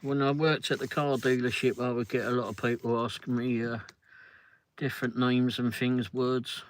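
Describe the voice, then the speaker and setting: An older man hosts a livestream, rambling casually as he reads viewer comments and laughing often. He speaks at a moderate pace in a medium-pitched, level-toned voice.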